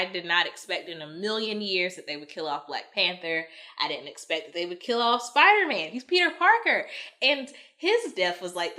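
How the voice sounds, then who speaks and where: A woman's voice: medium pitch, bright, forceful tone. A woman giving a casual, emotional spoiler review of a movie, sighing and exclaiming as she talks.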